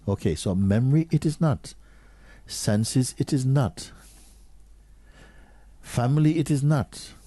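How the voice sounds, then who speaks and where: A man giving a slow, questioning spiritual talk to an audience, sometimes dropping to a near whisper. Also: lowish voice, dark tone, dry recording. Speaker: spiritual teacher.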